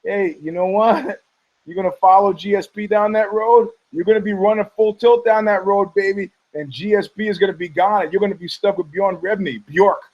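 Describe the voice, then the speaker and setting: A man's voice: high voice, normal speed, highs cut off. A male podcast host giving rambling, combative commentary, profane and heated, often stumbling over restarts.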